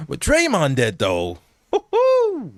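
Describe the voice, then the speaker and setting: A YouTube sports commentator gives casual, slangy reactions over basketball footage, laughing often and addressing his viewers directly. His medium-pitched voice is animated at a normal speed, with a little hiss or hum on the audio.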